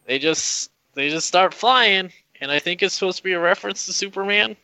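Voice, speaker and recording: A man co-hosting a podcast, recapping a film in a halting, hesitant way. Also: high voice, bright, forceful tone, clean tone, no echo, poor audio. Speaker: podcast co-host. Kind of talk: casual film discussion.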